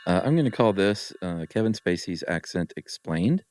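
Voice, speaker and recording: Deep-voiced laid-back podcast man. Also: lively intonation, darkish tone, dry recording. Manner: laid-back, quick to laugh. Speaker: podcast co-host. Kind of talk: casual chat and reading listener mail.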